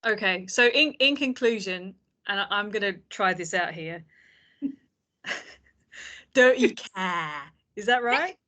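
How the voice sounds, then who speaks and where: A woman hosts a podcast from a video call, talking in a chatty way and laughing often. Her voice sits at an ordinary middle pitch. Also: lively intonation, moderate pace, bright, forceful tone. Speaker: podcast host. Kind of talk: casual podcast chat.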